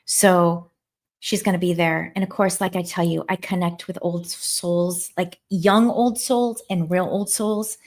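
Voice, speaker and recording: A woman in her forties hosting a casual livestream from home, chatting in a heartfelt way and answering viewer comments. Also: on the low side. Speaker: livestream host. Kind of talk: casual live-stream chat.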